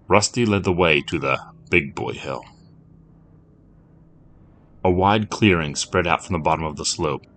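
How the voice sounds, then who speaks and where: A man reading a scripted story as narrator, in a measured, steady telling. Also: sits low.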